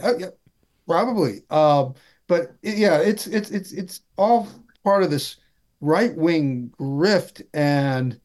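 A man talking politics in a casual chat, wry and halting, with many restarts. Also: a little high, expressive, a little mellow.

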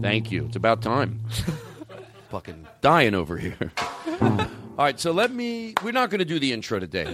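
A man hosting a comedy talk show, rambling and excitable with plenty of swearing. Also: medium pitch, measured pace, long pauses, music in the background. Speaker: host.

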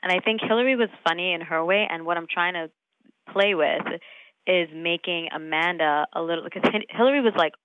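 A woman in her thirties, an actress talking casually in an interview, animated, laughing often and full of fillers. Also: lowish voice, fairly quick, no echo, phone-quality sound. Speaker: actress guest.

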